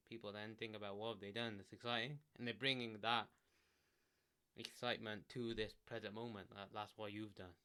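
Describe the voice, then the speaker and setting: Man, lowish voice, smooth and clear, casual rambling advice, desk mic, seated. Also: brisk. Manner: rambling, lots of "like", restarts, relaxed. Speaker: self-help vlogger. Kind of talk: casual solo advice talk. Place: indoors, sitting in a chair. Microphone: desk microphone.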